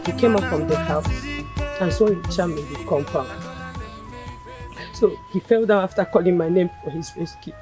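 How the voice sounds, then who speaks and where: A woman's voice: fairly low pitch, moderate pace, pauses often, dark tone, close to an everyday voice. A woman playing a tearful, sobbing daughter in a film. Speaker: grieving daughter. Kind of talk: Nollywood film acting. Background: faint music.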